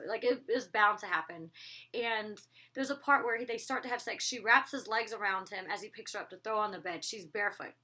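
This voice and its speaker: A woman's voice: medium pitch, bright, forceful tone. A young woman recapping a TV episode in a casual, gushing vlog, acting out the characters' lines as she goes. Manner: gushing, chatty, acts out characters' lines with voices.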